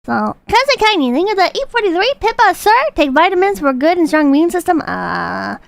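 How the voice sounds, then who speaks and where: Woman streamer, very high and lively voice, foul-mouthed bursts of outrage, dry close mic. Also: fairly quick, gravelly, dry recording. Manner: profane, excitable outbursts between calm donation readings. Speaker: livestreamer reacting to videos. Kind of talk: casual livestream commentary.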